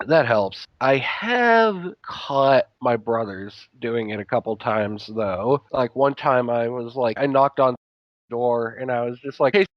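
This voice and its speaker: A man's voice: mid-range voice, slow pace, no echo, muffled recording. A man on a casual comedy podcast, laughing through his storytelling.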